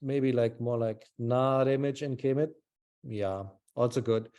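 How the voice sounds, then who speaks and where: A man's voice: medium pitch, steady tone, unhurried, mellow. A man teaching a small language class over a video call, patient and encouraging, thinking aloud with fillers.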